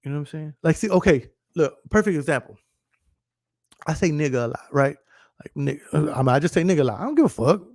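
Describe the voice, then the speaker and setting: A podcast host talks fast in a darkish voice on the high side, with lively intonation, rambling through a casual, profane rant and laughing often. He repeats "you know what I'm saying" regularly; the audio is a dry, clean studio recording.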